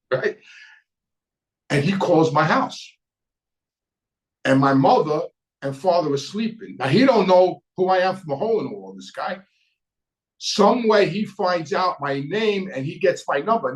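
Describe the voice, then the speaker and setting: Raspy-edged New man telling old stories. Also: a little high, poor audio. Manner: rambling, frequent restarts and "right?" tags, laughs at his own story. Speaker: show host, former mobster telling stories. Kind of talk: casual storytelling monologue.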